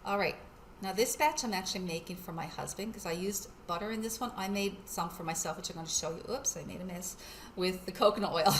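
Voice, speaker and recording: A woman's voice: lowish voice, quick pace, roomy sound, a little hiss or hum. A middle-aged woman hosting a casual cooking demo at home, chatty and laughing often as she talks to her husband behind the camera. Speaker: wellness channel host. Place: home kitchen.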